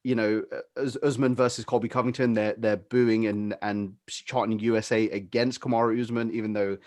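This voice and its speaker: A man's voice: fairly low pitch, little pitch movement, normal speed, a little mellow, no room sound. A British man co-hosting a fight-sports podcast, talking in a rambling, opinionated way with lots of fillers. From Britain. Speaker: podcast co-host. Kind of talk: casual chat.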